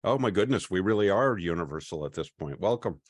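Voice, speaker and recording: Male host, deep voice, easygoing and welcoming, online class on a video call. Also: lively intonation, no room sound, studio quality. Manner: chatty, welcoming, often pauses with "uh".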